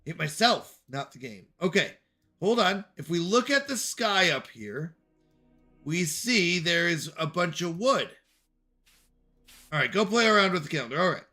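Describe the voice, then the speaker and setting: A man's voice: high voice, sing-song, a little slow, pushed and bright, faint music behind. A man streaming a puzzle game, talking to himself and his chat in jokey, self-scolding asides. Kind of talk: live game commentary.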